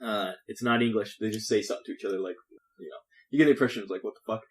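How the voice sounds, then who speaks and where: A man's voice: fairly low pitch, rapid-fire. Casual man running a tabletop game. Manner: casual, laughs often. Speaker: game master.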